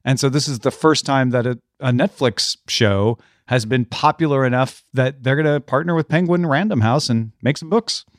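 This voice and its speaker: A man's voice: mid-range voice, normal speed, few pauses, dry recording, studio quality. A man co-hosting a book podcast, joking around and explaining news items. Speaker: podcast co-host. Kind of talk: casual book podcast chat.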